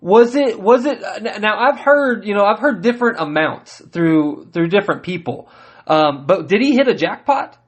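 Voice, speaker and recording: A man's voice: high-pitched, expressive, normal speed. A man hosting a podcast interview, steering his guest with short encouraging prompts. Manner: encouraging, frequent short backchannel. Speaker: podcast host. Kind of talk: casual interview.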